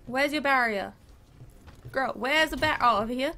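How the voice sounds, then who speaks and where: A woman's voice: high-pitched, moderate pace, bright, forceful tone. A woman giving casual, chatty commentary while playing a video game, cheering on her team. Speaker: gaming video creator.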